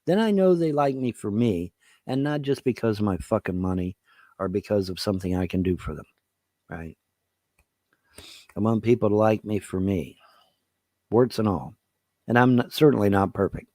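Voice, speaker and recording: A man's voice: lowish voice, moderate pace, long pauses, a little mellow, no echo, studio quality. A man rambling casually to his viewers, swearing and laughing often. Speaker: online video host.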